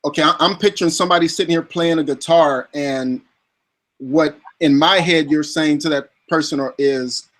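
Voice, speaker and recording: Halting, searching male interview host. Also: on the high side, fairly even intonation, a bit bright. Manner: searching, halting phrasing with ums and restarts. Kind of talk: conversational interview questions.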